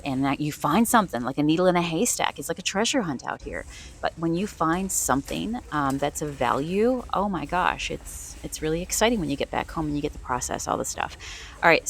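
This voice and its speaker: A woman's voice: low-pitched, slight background noise. A woman vlogging while thrifting in a store, chatting casually and enthusiastically about her finds. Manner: chatty, enthusiastic, rambling asides. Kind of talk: casual vlog narration.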